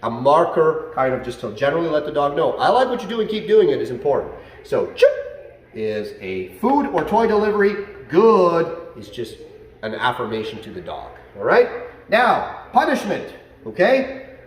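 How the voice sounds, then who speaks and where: A man with a higher-pitched voice teaches dog training at a moderate pace, explaining commands and acting out how he scolds dogs in a loud, excited, animated way. It's instructional talk recorded in a training facility, with the mic distant and the room echoey.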